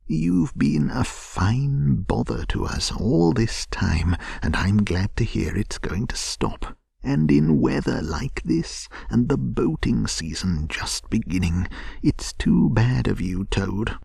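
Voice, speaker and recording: A man voicing a hearty, sensible male water rat who scolds his friend, in a gentle bedtime storybook reading. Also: medium pitch, sing-song, takes it slowly, creaky, husky, no echo, studio quality, pitched above the performer's own voice, exaggerated voice.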